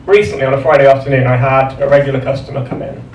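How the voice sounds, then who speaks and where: A man doing a dry, deadpan stand-up set in a comedy club, pausing before each punchline. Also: medium pitch. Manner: dry, deadpan delivery with measured pauses. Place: comedy club stage with laughing audience. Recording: roomy live club sound from a distance, audience noise.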